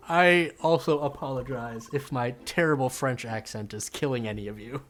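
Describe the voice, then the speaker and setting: A man's voice: mid-range voice, moderate pace, hardly any pauses, fairly bright tone. A man casually commenting while streaming a video game, chatty and self-mocking. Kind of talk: casual let's-play commentary.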